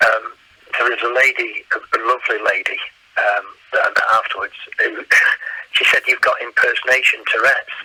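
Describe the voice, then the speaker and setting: A man from England, an impressionist, telling lively anecdotes in a casual chat and slipping into accents. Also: lowish voice, normal speed, slightly rough, no room sound, poor audio. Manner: animated anecdotes, slips into accents. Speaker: guest impressionist.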